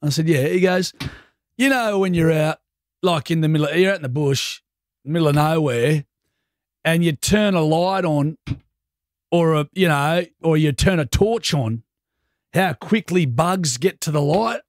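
A young Australian man hosting a radio show, telling a story in casual, animated banter. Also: on the high side, unhurried, dry recording, studio quality. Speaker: radio host. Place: radio studio. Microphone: studio mic.

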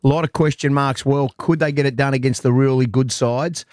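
A man's voice: medium pitch, steady tone, a little fast, a little mellow, no room sound, studio quality. An Australian man hosting a sports talk panel in casual chat, boastful, with stumbling restarts. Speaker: sports show host.

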